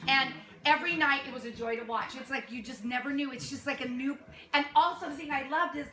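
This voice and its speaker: A high-voiced woman speaks fairly quickly and with few pauses while guiding a youth theater cast. She is warm, laughs often, and acts out the kids' lines. The recording has a little hiss or hum and an echoey, crowded room with audience murmur and laughter.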